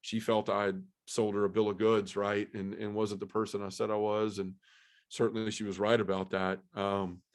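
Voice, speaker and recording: Male guest, lowish voice, emotional and earnest testimony style. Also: little pitch movement, normal speed. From Memphis area, US South. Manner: emotional, earnest storytelling with many fillers. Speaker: podcast guest. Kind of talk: personal testimony in conversation.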